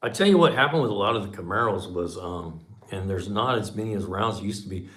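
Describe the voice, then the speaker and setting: Folksy, chatty man in his fifties, low-voiced. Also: expressive, fast, fairly bright tone. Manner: folksy, chatty, drops in "man" and acts out quoted dialogue. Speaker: channel host on a livestream. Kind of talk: casual livestream storytelling.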